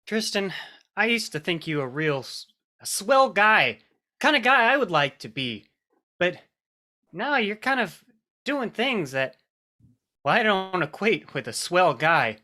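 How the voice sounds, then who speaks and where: An earnest 1950s square of a teen boy, all wholesome puns, played by a man. His voice is bright and bouncy, swinging from high to low as he argues in a live improv comedy scene. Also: measured pace, long pauses, exaggerated voice. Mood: disapproving. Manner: wholesome, punning, lively.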